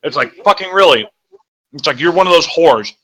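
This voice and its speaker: Brief: young male co-host, crude and rambling, very bright tone. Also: a little high, animated, a little fast. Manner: rambling, crude, self-correcting. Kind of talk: casual chat.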